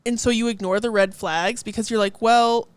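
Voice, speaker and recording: A woman's voice: medium pitch, fairly even intonation, no echo. Giggly woman podcaster, dry close mic. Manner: giggly, rambling, quick asides. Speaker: podcast co-host. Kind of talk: casual chat.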